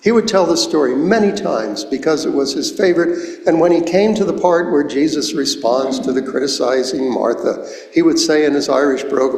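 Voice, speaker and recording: Older guy preaching a sermon, kinda high voice, roomy echoey church sound. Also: darkish tone. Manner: slow, deliberate, explains Greek words one at a time. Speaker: pastor. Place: church sanctuary. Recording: echoey church hall, long reverb.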